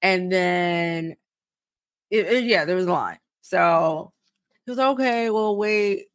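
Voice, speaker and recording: A young woman tells a story on a podcast in a slightly low voice. She is animated and profane, and she acts out each side of the exchange. The sound is dry and close, with no room echo. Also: slow pace. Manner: animated, profane, acts out both sides of conversations. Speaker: podcast co-host. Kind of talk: casual storytelling chat.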